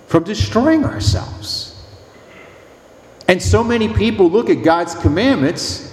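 A man's voice: high voice, darkish tone, echoey room, in a large hall. A man who is a priest, delivering a sermon with emphatic, humorous storytelling.

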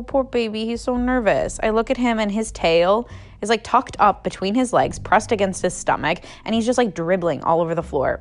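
A young adult woman casually telling a story on a podcast, filling her talk with "like" and swearing freely. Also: fairly low pitch. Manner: chatty, heavy use of "like", swears freely.

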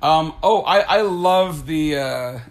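A man in casual chat with a somewhat high voice, rambling loosely from thought to thought. He stammers and restarts his sentences often and laughs easily as he talks. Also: slow, slight background noise.

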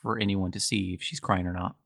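A man describing his character's feelings and actions in a tabletop game, in a measured, thoughtful way. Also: sits low, fairly even intonation, vocal fry, a bit bright, no echo, clean studio sound. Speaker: tabletop role-playing player.

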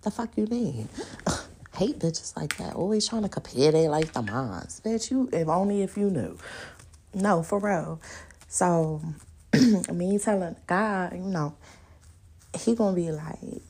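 Gravelly woman, laughing storyteller. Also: fairly low pitch, measured pace, long pauses. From New York and the countryside. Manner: loud animated storytelling, laughing, acting out quotes. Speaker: podcast host. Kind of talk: casual solo podcast chat.

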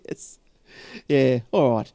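A man's voice: mid-range voice, expressive, takes it slowly, vocal fry, warm tone, no room sound. A man hosting a casual tech podcast, rambling and chatty with frequent laughs. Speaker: podcast host.

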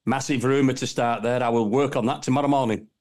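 A man's voice: mid-range voice, fairly even intonation, quick pace, darkish tone. A man chatting on a podcast panel, rambling and laughing at his own jokes. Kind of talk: casual banter.

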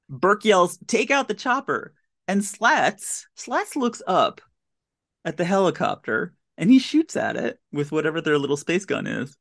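Podcast host, mid-range voice: sarcastic, baffled play-by-play of a bad movie. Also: medium pitch. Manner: incredulous, sarcastic running commentary. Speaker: podcast host recapping a film. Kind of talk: casual comedic movie recap.

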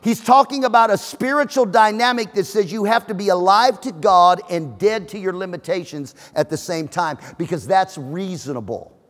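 A man preaching a sermon as pastor, emphatic and joking, with shouted peaks. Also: high-pitched, normal speed, hardly any pauses. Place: church auditorium. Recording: reverberant hall.

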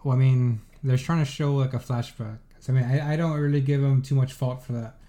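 A young man talks in a relaxed, measured way, often restarting his sentences. His tone is dark and mellow. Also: medium pitch. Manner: measured, hesitant, with false starts. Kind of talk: casual chat.

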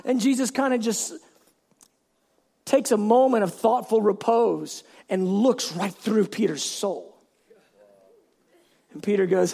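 Man pastor, very high voice, gravelly, animated sermon with shouts. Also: takes it slowly, long pauses. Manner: animated storytelling with bursts of shouting.

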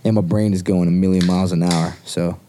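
A man's voice: sits low, steady tone, fairly quick, mellow, a little hiss or hum. A man co-hosting a podcast in casual, rambling chat, swearing freely. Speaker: podcast co-host.

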